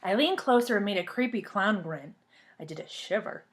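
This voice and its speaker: A woman reading a children's storybook aloud in a lively, expressive way, then talking to the children she reads for. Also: mid-range voice, moderate pace, slight background noise. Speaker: reader of a children's book.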